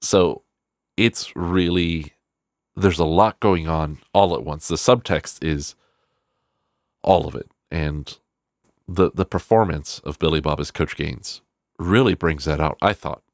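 Very deep-voiced man, dry close mic, loose profane film-review chatter. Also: takes it slowly, no room sound. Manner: rambling, profane, animated quoting of characters. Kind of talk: casual spoken film review.

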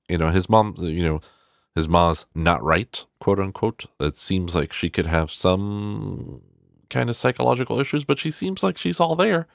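A man's voice: low-pitched, moderate pace, gravelly, no room sound, studio quality. A man giving a casual, rambling film review, swearing freely and acting out characters' lines as he goes. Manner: rambling, profane, animated quoting of characters.

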